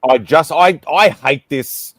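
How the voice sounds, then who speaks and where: A man's voice: fairly high pitch, slow, no echo. A man chatting casually on a panel, hesitant and rambling with many fillers. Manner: rambling, hesitant, lots of ums. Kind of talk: casual online hangout chat.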